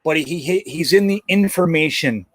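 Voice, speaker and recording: Higher-voiced guy ranting on a stream. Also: normal speed, no room sound. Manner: rambling, profane, jokey. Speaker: live stream host. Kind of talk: casual live-stream chat about football.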